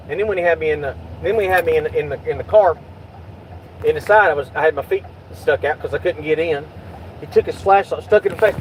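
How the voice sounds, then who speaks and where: A man's voice: fairly high pitch, fast, slight background noise, low-quality recording. Heated man venting in a car. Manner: agitated, swearing, reenacts quotes loudly. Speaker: YouTube channel host. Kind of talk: casual vlog chat in a car.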